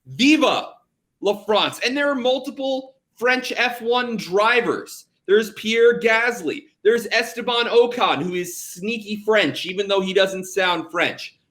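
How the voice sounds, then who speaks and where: A young man co-hosting a casual betting podcast, energetic and jokey, hyping things up as he talks. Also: high-pitched, measured pace, hardly any pauses. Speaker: podcast co-host.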